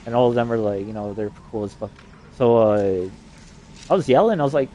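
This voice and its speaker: A man's voice: medium pitch, mellow, muffled recording, a little hiss or hum. A man rambling through a personal story in a profane, casual way. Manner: profane, rambling, fast-talking.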